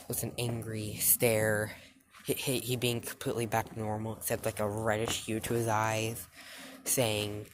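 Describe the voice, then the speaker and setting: Very deep, slow-talking woman rambling a story. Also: level tone, noisy background. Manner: rambling, many fillers and restarts. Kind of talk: casual spoken fan story.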